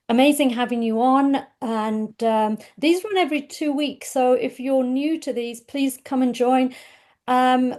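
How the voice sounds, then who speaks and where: A woman's voice: sits high, darkish tone. A woman hosting an online group session over a video call, upbeat and welcoming, chatting with fillers. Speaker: host.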